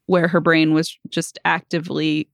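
A woman's voice: deep voice, little pitch movement, normal speed, creaky, dry recording. Chatty woman podcast co-host, dry sound. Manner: explains research in a chatty, joking way, laughs often. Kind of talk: casual chat.

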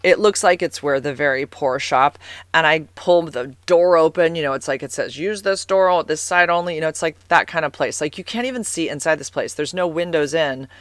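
A woman's voice: low-pitched, brisk, no echo. A woman in her forties from California, chatting casually to camera as a vlogger in a rambling way, full of fillers and "like"s. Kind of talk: casual personal storytelling.

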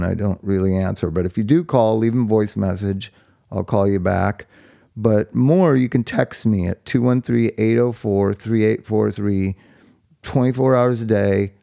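A man's voice: medium pitch, vocal fry, warm tone, no echo, clean studio sound. A middle-aged man talking candidly in a blunt, profane and heartfelt way, rambling and restarting his sentences. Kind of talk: candid monologue.

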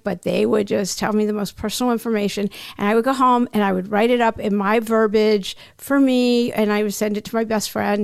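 A woman's voice: medium pitch, gravelly, dry recording, studio quality. A middle-aged woman telling personal stories as an interview guest, in an emotional, tumbling way that keeps interrupting itself. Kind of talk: candid personal storytelling.

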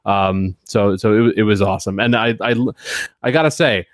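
A man's voice: lowish voice, moderate pace, no room sound, clean studio sound. A man in his thirties co-hosting a podcast, joking about himself in a playful, laid-back way. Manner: playful, self-mocking, laughs easily. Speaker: podcast co-host. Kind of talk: casual chat.

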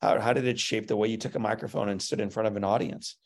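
A male host asking earnest, measured questions on a studio set. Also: on the low side, steady tone, creaky, darkish tone. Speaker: show host. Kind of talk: interview questions.

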